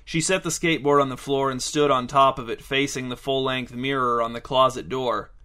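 A man narrating a story in a measured, deadpan way. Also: medium pitch, smooth. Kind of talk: audiobook narration.

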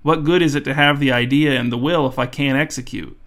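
An earnest, slightly hesitant man who doubts himself, with a gravelly edge to his voice, as a male narrator reads him. His lines come in a plain storybook reading. The voice stays mid-range for a man. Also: medium pitch, steady tone, a little fast, fairly bright tone, close to an everyday voice. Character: eager, earnest man doing good deeds.

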